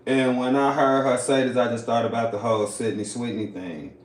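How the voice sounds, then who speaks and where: A man's voice: medium pitch, fairly even intonation, a little fast, echoey room. A man hosting a livestream, reacting in loose, casual talk that is full of swearing. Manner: loose, swearing, drawling commentary. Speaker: livestream host.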